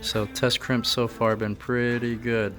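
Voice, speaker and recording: A man's voice: medium pitch, flat delivery, measured pace, over music. A man talking casually to camera about his car project, offhand and thinking aloud with a few fillers. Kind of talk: casual workshop vlog.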